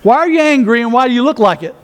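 A man's voice: very high voice, lively intonation, fast. A man pastor preaching a sermon, folksy with joking asides, reading scripture aloud.

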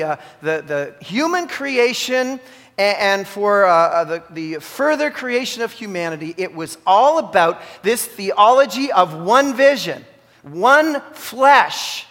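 A man preaching a sermon in an animated, exclaiming way, often restarting his sentences. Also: fairly high pitch, in a large hall. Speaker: pastor.

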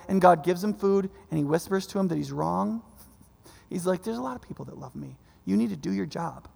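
In a large hall, a man with a high, creaky voice delivers a sermon in a conversational style, repeatedly checking in with his congregation through frequent "right?" asides.

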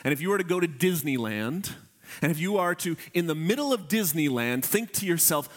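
A man with a fairly high voice delivers a sermon from the pulpit. He is earnest and emphatic, stretching out key words. He speaks straight to his congregation. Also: expressive. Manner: earnest, emphatic preaching with slow stressed phrases. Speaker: pastor.

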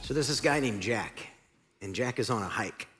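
Animated male pastor in a reverberant hall. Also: mid-range voice, normal speed, music in the background. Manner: storytelling, conversational, animated. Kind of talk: sermon. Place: church sanctuary. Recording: long reverb of a large hall.

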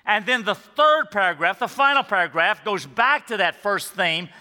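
A man's voice: high-pitched, lively intonation, normal speed, pushed and bright. A man preaching a sermon in a church, reading scripture and then driving his points home by repeating them. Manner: emphatic, repeats key points. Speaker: pastor. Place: church sanctuary. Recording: long reverb of a church hall.

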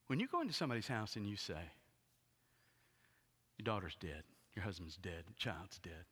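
A man preaching a sermon as a pastor, retelling the story dramatically and swinging from hushed tones to loud ones. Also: mid-range voice, husky. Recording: long hall reverb.

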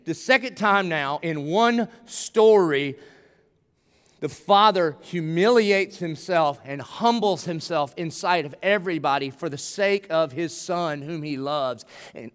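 A man in middle age delivers a sermon in a high, ringing voice. He moves between conversational asides and emphatic, pleading preaching. The church's long reverb trails behind each phrase. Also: animated, a little slow. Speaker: pastor. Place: church sanctuary.

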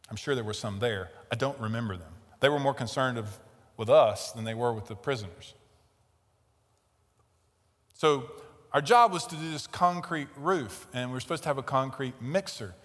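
A man preaching a sermon, telling a story and growing loud and animated in tense moments. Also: mid-range voice, moderate pace, long pauses, in a large hall. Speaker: pastor. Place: large tent.

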